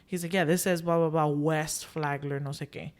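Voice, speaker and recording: Woman retelling a story in lively quoted dialogue. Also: deep voice, normal speed. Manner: drops Spanish filler phrases. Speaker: podcast host. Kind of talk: casual storytelling chat.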